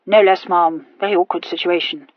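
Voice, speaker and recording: A woman doing a clipped, fussy gentleman. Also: on the low side, fairly even intonation, normal speed, no room sound, natural voice. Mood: flustered. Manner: clipped, breathless phrases with dropped words. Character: fussy middle-aged gentleman, clipped and punctilious. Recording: dull lo-fi dry recording.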